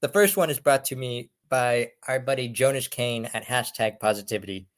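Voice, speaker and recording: A man's voice: medium pitch, moderate pace. A man hosting a podcast, asking questions in an enthusiastic, friendly way. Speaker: podcast host. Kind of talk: casual interview chat.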